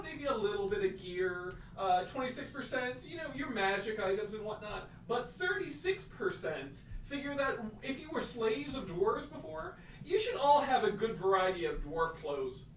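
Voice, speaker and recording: High lively guy reading chat votes, off mic, echoey room. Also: unhurried, distant mic, a little hiss or hum. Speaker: player reading chat polls. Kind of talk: casual chat.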